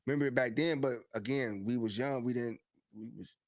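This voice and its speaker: A man co-hosting a live podcast, animated and quick to hype things up as he tells stories and gives shout-outs. His voice sits at a middle pitch. The recording is dry and close, with little room sound. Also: dry recording. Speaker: podcast co-host. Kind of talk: casual live-stream chat.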